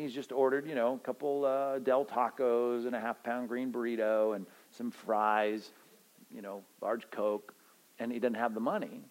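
A man's voice: mid-range voice, low-quality recording. A pastor giving a conversational, joking sermon at a retreat, acting out everyday scenes to make his point.

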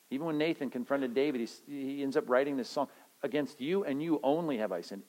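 A man's voice: mid-range voice, low-quality recording. A pastor giving a conversational, joking sermon at a retreat, acting out everyday scenes to make his point.

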